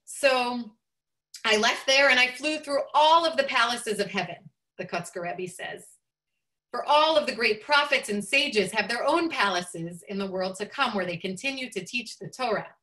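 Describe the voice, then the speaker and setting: A woman rabbi tells a teaching story with a bright, clear voice pitched a little high. She is expressive and lifts her voice whenever she quotes someone. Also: moderate pace.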